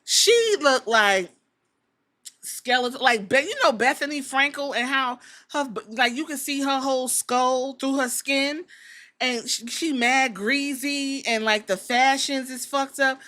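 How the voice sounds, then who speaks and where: A woman's voice: sits high, measured pace, pushed and bright. A woman hosting a casual podcast, talking bluntly with plenty of swearing and jokes. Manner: blunt, profane, joking. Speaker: podcast host. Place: Columbus.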